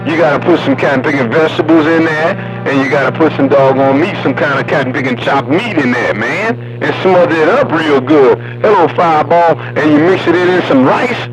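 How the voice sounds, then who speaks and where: A man's voice: on the high side, a little fast, hardly any pauses, music in the background, rough recording. Folksy drawling man on a CB radio. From Southern US. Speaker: CB radio caller. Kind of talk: casual CB radio chat.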